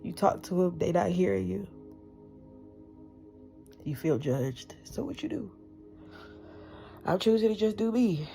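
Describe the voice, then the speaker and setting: A woman's voice: fairly low pitch, expressive, measured pace, gravelly, pauses often, warm tone, faint music behind. A woman in her thirties talking bluntly to camera in a candid personal monologue, emphatic and full of profanity. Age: 30s. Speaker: vlogger.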